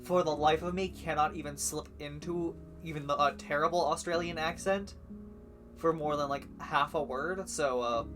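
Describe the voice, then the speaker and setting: A man chats loosely through a live stream of a story game, rambling and swearing often. His voice sits slightly high for a man. Guitar music plays clearly underneath. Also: normal speed. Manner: chatty and rambling, with frequent swearing.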